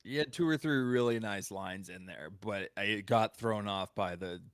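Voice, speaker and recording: A young man co-hosting a podcast, chatting casually and breaking into loud mock impressions of characters. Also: on the low side, moderate pace, no room sound, clean studio sound. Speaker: podcast co-host. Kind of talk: casual chat.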